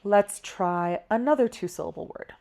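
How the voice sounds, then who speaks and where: A woman's voice: mid-range voice, vocal fry, darkish tone. Patient woman teaching spelling aloud. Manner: patient, slow step-by-step spelling drills. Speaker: language teacher. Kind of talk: teaching lesson.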